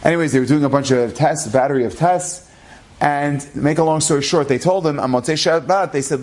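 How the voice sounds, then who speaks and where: A rabbi retelling an inspirational story in a lively way, acting out the dialogue. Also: male voice, fairly high pitch, brisk. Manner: animated, acts out dialogue.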